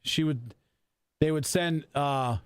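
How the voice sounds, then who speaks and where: A man's voice: fairly high pitch, takes it slowly, clear, resonant tone. A man in his forties in loose, profane, rambling chat on a radio talk show. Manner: profane, rambling banter with restarts. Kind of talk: casual chat.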